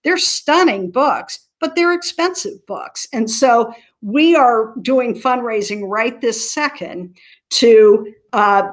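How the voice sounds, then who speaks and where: A woman's voice: fairly high pitch, lively intonation, takes it slowly. A woman from Southern Ohio, a nonprofit leader being interviewed, speaking earnestly and telling stories with frequent restarts. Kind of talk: conversational interview.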